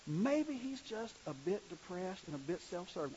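A man's voice: high voice, big pitch swings, moderate pace, darkish tone, muffled recording, slight background noise. A male preacher giving a sermon in a conversational way, asking the congregation questions as he reads scripture.

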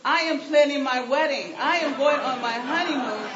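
A preacher woman doing a flustered young bride-to-be, whining that her wedding plans will be ruined, pitched up and pushed loud for comic effect. The sound is dull and echoey, with a faint hiss underneath. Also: normal speed, crowd noise, lightly acted. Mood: pleading. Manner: comic, exaggerated pleading. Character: young bride-to-be pleading to get out of it.

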